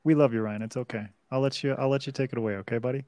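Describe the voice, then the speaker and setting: A man co-hosting a livestream, relaxed and joking, reading out viewer comments. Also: medium pitch, very fast. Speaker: co-host.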